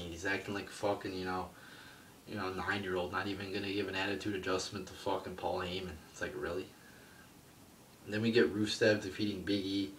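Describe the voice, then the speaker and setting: A man reviewing a wrestling show in a crude, swearing, scornful rant. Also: lowish voice. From United States. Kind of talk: profane ranting review. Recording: roomy, distant mic, faint background noise.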